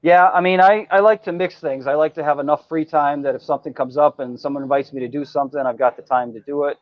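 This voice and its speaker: A man's voice: fairly high pitch, steady tone, fast talker, dry recording. Chatty man, dry dull sound. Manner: chatty storyteller with many restarts. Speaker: guest. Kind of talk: casual chat.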